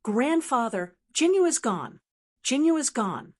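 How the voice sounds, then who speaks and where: A woman voicing a panicked young daughter-in-law in a storybook, with a shrill, frantic manner. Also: very animated, a little slow, exaggerated voice. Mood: tearful.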